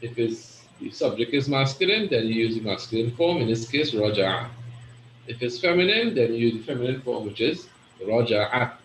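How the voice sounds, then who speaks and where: A man's voice: mid-range voice, animated, moderate pace. A man teaching an Arabic grammar class, explaining step by step and often checking in with "right?". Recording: echoey room with faint noise.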